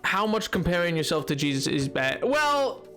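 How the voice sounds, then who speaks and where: Lively, high-voiced young man streaming. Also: normal speed, faint music behind. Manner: joking, rambling, greets viewers with excited shouts. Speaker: game streamer. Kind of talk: casual livestream chat, reading chat aloud.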